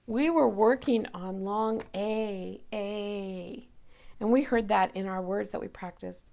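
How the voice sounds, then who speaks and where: Slow, gravelly-voiced woman teacher. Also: mid-range voice, a little mellow. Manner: slow, patient, stretches out sounds and words. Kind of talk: remote classroom lesson for young children.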